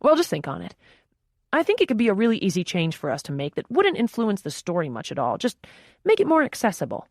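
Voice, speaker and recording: A woman voicing a booming, pushy male film producer who talks in a loud, breezy, casual way. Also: huge pitch swings, quick pace, no echo, studio quality.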